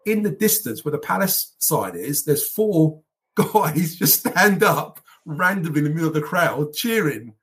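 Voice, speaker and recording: Husky, slightly high man, animated storyteller in casual chat. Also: normal speed. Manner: animated anecdotes, laughs as he tells them. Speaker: guest football fan.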